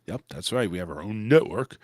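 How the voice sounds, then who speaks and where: A man's voice: on the low side, animated, a little fast, no echo, studio quality. A man hosting a casual talk show, rambling with restarts and the odd curse. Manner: loose, rambling delivery with frequent restarts and mild swearing. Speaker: podcast host. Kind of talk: casual chat.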